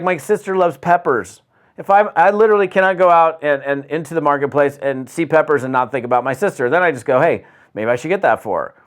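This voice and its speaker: A man from the United States giving an energetic, conversational motivational talk on business, often restarting phrases and acting out quotes. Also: a little high. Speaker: network marketing speaker.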